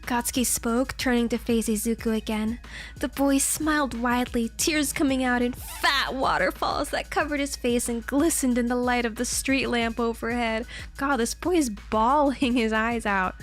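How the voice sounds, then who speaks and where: A woman streamer with a high voice reads fanfiction aloud, laughing and reacting to the drama as she goes. Soft music sits faintly behind her. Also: a little slow. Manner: giggly, excitable asides to chat.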